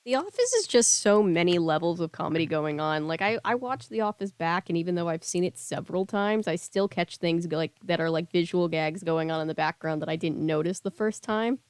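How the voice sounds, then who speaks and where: A woman's voice: fairly low pitch, animated, fairly quick, hardly any pauses, clear, resonant tone, no room sound. A woman hosting a casual read-aloud, breaking off into rambling, chatty asides full of fillers. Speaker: book reading host.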